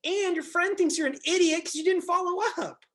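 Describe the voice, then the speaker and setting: Blunt, animated male coach on a call. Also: very high-pitched, a little fast. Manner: blunt, animated, acts out scenes and swears. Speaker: real estate coach. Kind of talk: group coaching session.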